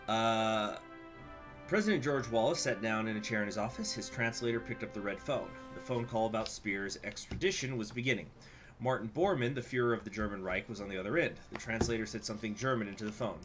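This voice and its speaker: A man's voice: lowish voice, brisk, fairly bright tone, faint music behind. A man casually commenting on a strategy game as he plays, reading events aloud with laughing asides. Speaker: game streamer.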